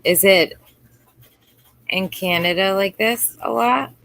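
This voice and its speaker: A woman's voice: mid-range voice, slow, gravelly, a bit bright. A woman co-hosting a casual livestream chat, asking curious questions.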